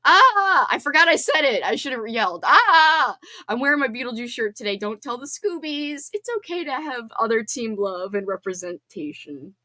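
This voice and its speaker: A woman's voice: fairly high pitch, sing-song, sharp tone. A woman hosting a casual livestream from home, chatting bubbly and reading out viewer comments. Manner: bubbly and chatty, quick laughs and squeals. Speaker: livestream host.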